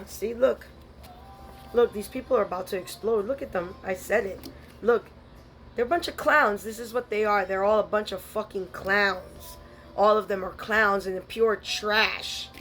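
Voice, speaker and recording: A woman's voice: mid-range voice, a little slow, fairly bright tone, a little hiss or hum. A woman giving a spiritual tarot reading, blunt and scolding, full of streetwise slang. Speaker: tarot reader.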